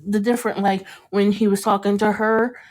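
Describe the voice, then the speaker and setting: A woman hosting a podcast, chatting casually about a TV show, animated and laughing often, with casual swearing. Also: mid-range voice, moderate pace. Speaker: podcast host. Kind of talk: casual chat recapping a TV show.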